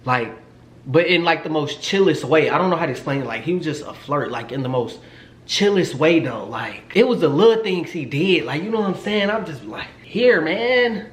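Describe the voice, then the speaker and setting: Young man, twenties, casual storytime, animated, swearing, teasing, roomy echo. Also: on the high side, fairly quick. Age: 20s. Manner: chatty and animated, swears a lot, jokes and teases. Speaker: vlogger. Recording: roomy echo, faint noise.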